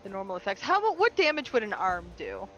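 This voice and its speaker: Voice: medium pitch, big pitch swings, fast talker, bright, forceful tone. A player in a tabletop game, eager and chatty, often restarting sentences. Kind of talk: casual tabletop play. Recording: dull lo-fi stream audio with faint music.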